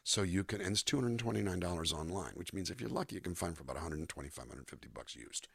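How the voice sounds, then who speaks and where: A low-voiced older man chats as an interview guest, his pitch rising and falling a lot as he acts out lines. His voice is a little husky, and the sound is dry and close to the mic. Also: fast talker, dry recording. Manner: animated, demonstrates voices and melodies mid-sentence. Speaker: singer-songwriter guest. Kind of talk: relaxed interview conversation. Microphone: USB microphone.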